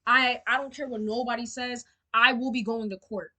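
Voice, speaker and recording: A woman's voice: on the high side, steady tone, normal speed, sharp tone. A young woman telling a storytime to camera, emotional and indignant, swearing freely and using lots of fillers. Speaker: storyteller vlogger.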